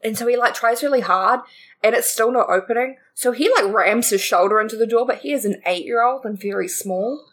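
A woman's voice: fairly high pitch, brisk, fairly bright tone. A woman narrating as game master of a tabletop game, playful, slipping into character voices.

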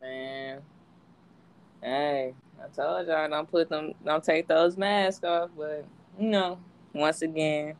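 A woman's voice: deep voice, steady tone, slow, smooth. A woman co-hosting a casual chat in a laid-back, wry manner.

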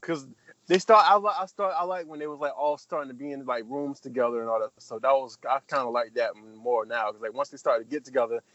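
A man's voice: fast talker, no room sound, highs cut off. A man in casual chat, animatedly recapping a TV episode and acting out the characters' lines with sudden jumps in his voice. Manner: animated storytelling, acting out quotes with big pitch jumps, heavy profanity.

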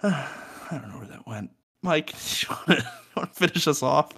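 A man's voice: a little high, animated, normal speed, fairly bright tone, breathy edge. A young man co-hosting a casual music podcast from a room at home, joking, swearing and laughing often. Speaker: podcast co-host.

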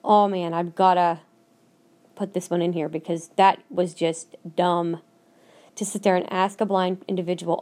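Low-leaning and slightly mellow, this woman's voice moves at a normal speed. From Minnesota, she hosts a podcast where she rants by herself, forcefully and bluntly, repeating her arguments.

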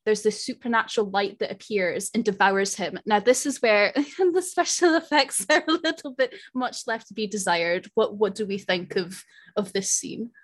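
A woman's voice: medium pitch, animated, normal speed. Friendly woman hosting a podcast. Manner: friendly, leads the discussion. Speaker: podcast host. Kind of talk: casual chat.

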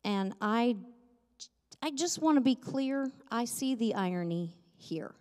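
A woman's voice: a little high, lively intonation, slow pace, a little mellow. Woman preaching in a reverberant church. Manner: conversational and self-deprecating, with light humor. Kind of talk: sermon. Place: church sanctuary. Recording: long reverb of a church hall.

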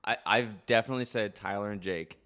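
A man's voice: lowish voice, fairly quick, sharp tone. A young man co-hosting a casual podcast, laid-back and teasing. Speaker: podcast co-host.

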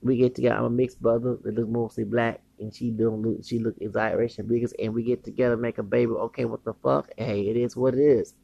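A man rants in a swaggering podcast monologue, full of profane taunts and stumbling restarts. His voice sits in a middle pitch with a gravelly, fried edge. The sound is dry and close, with no room around it. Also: level tone, fast, few pauses, mellow, dry recording, highs cut off. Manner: brash, boastful and combative, with frequent restarts. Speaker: podcast host. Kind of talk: unscripted monologue rant.

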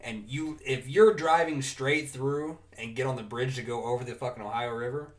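A man's voice: medium pitch, fairly even intonation, normal speed, recorded from a distance. A half-drunk man chatting casually as a podcast co-host, swearing and laughing as he cuts in. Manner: profane, laughing, interjecting. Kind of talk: casual chat.

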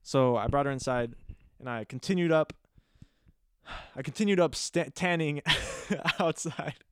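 Rambling young man with a smooth voice. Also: a little high, unhurried, no echo, studio quality. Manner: rambling, deadpan and playfully disgusted, with many restarts. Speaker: podcast host. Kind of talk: casual comedic monologue.

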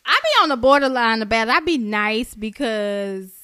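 Bright-voiced, animated woman podcaster. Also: a little high, moderate pace, clean tone, no echo, clean studio sound. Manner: animated, joking, slangy, acts out quotes. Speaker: podcast co-host. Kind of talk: casual chat.

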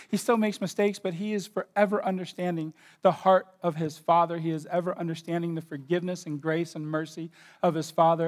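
A man preaching a sermon, telling a story and rising into impassioned emphasis. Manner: storytelling, drops to a hushed low voice for emotional moments. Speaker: pastor.

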